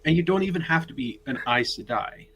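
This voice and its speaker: Podcast guest, man, somewhat high voice, detailed and explanatory, faint background noise. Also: lively intonation, a little fast, fairly bright tone, low-quality recording. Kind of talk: casual podcast chat.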